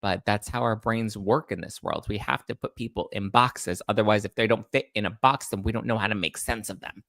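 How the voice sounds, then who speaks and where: A man's voice: on the low side, fairly quick, vocal fry, few pauses, a bit bright, no room sound, clean studio sound. Chatty man hosting a livestream. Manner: chatty, answers viewer comments aloud. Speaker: host. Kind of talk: casual livestream commentary. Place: Los Angeles.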